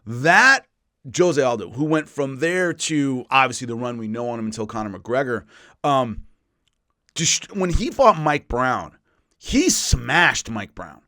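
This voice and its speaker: A man, an MMA analyst, talking casually through a list with animated storytelling and quick asides. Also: mid-range voice, dry recording, clean studio sound. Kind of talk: casual spoken rundown. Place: California.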